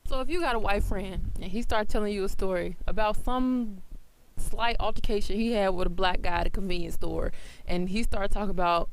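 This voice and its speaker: A woman's voice: medium pitch, a little fast, a little hiss or hum, rough recording. Blunt female radio co-host. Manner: blunt, challenging. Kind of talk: casual talk-radio banter.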